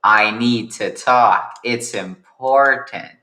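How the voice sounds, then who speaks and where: A man voicing a sullen, brooding male rat character in an improvised story, speaking in a flat, earnest way. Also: medium pitch, slow pace.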